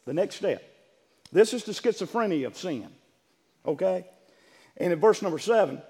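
A man preaching a sermon, moving from quiet talk to shouted passages and acting out what people say. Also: sing-song, moderate pace, pauses often, in a large hall. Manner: builds from low talk to shouted preaching, acts out quotes.

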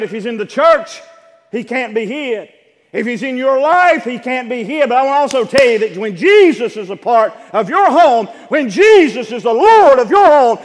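A man preaching with passion, his voice sitting high and ringing out under a long hall reverb. He hammers phrases again and again and builds to shouted peaks. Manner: impassioned, swelling to shouted peaks; repeats phrases for emphasis. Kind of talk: sermon.

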